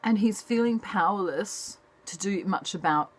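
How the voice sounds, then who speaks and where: A woman giving a chatty, casual tarot reading in a soft, unhurried manner. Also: mid-range voice. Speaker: tarot reader.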